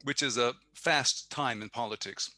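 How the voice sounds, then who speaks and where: A man's voice: medium pitch, moderate pace, pushed and bright. A man hosting a podcast interview, giving short prompts and reactions to his guest. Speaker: podcast host.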